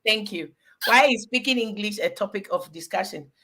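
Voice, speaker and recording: A Ghanaian woman in her forties chats as a guest on a live video call. She talks in an animated, easy way, laughs often and drops into pidgin phrases now and then. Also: medium pitch, normal speed. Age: 40s. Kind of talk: casual live chat.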